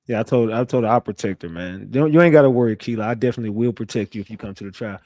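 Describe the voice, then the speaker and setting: A man's voice: on the low side, rapid-fire, dark tone, no room sound, studio quality. A man hosting a casual livestream, brash and trash-talking, who laughs often and reacts to chat messages. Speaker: livestream host.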